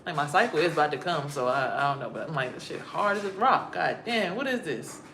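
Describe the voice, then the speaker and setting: A young woman telling a story to her viewers in a casual, profane and animated way, acting out her own startled reactions. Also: low-pitched, fairly quick, a little hiss or hum. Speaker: spiritual vlogger.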